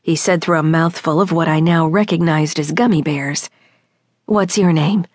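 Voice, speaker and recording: A woman's voice: deep voice, fairly even intonation, normal speed, dry recording, studio quality. A woman narrating a comic mystery audiobook in the first person, with a wry, knowing storytelling manner.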